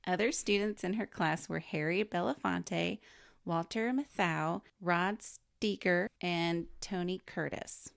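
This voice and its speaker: Slow and creaky, this woman's fairly low voice comes through in studio quality without any room sound. As a film podcast co-host, she chats casually through a celebrity's life story from her notes, laughing frequently.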